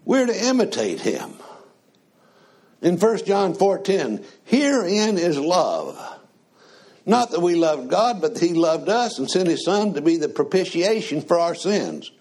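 A man preaching a sermon in a slow, conversational way, often asking the congregation questions. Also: a little high, wildly swooping pitch, a little mellow, breathy edge.

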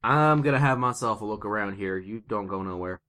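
A man voicing a gruff, married small-town male sheriff with a rural Western drawl, curt and threatening. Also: lowish voice, fairly quick, pushed and bright, voice pushed down. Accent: rural American Western drawl.

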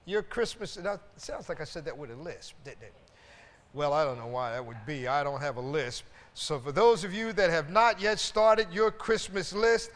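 A man's voice: high-pitched, expressive, normal speed, fairly bright tone. A man preaching a sermon as pastor, rousing his congregation with call-and-response and exclamations of praise, often repeating words as he goes. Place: church sanctuary. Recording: church hall reverb.

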